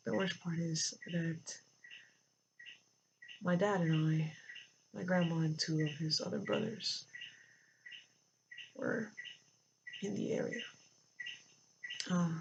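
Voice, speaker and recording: A vlogger with a gravelly, mid-range voice tells a personal story haltingly, with many fillers and restarts. It was recorded near a road, so the dull lo-fi audio carries faint traffic noise from passing cars.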